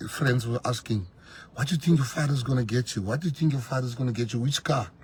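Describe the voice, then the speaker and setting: A South African man, a political leader, giving a fiery rally speech, breaking into loud shouts at the peaks. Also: medium pitch, slight background noise. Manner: fiery, switching between English and Afrikaans, shouting at peaks.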